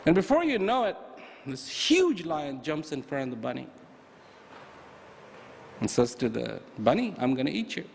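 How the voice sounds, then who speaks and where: A man giving an animated motivational talk, telling stories and asking emphatic rhetorical questions. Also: a little high, a little slow, creaky, long pauses, a little hiss or hum. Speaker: motivational speaker. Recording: echoey hall with faint ambience.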